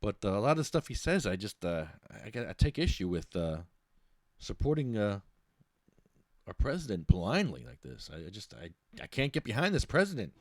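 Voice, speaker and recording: Male podcast host, casual ranting monologue, lively pitch, stumbles and restarts. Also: moderate pace, dry recording, studio quality. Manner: rambling, blunt, with many restarts and fillers.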